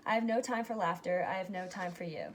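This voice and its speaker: A woman reading a rhyming picture book aloud, giving its characters lively but plain voices. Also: lowish voice, quick pace, slight background noise. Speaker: reader.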